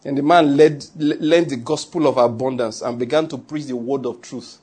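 Husky-voiced Nigerian pastor preaching. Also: male voice, medium pitch, steady tone, moderate pace, a little mellow. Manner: joking, conversational preaching with pidgin asides. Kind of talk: sermon.

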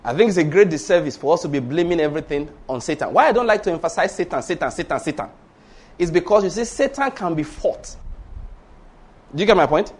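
A man preaching a storytelling sermon, swinging between hushed asides and loud exclamations. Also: fairly high pitch, expressive, fast talker, breathy edge.

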